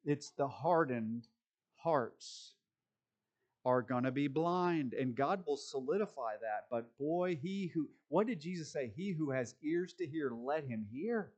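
A man's voice: a little high, animated, a little slow, darkish tone, lo-fi sound. A male pastor preaching a sermon from the pulpit, reading scripture aloud and then shifting into loose, conversational asides. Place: church pulpit.

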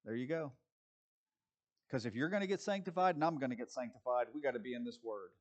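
A man's voice: mid-range voice, fast. A man preaching a sermon as pastor, asking his listeners rhetorical questions, answering them himself and dropping wry jokes along the way. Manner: wry, joking asides.

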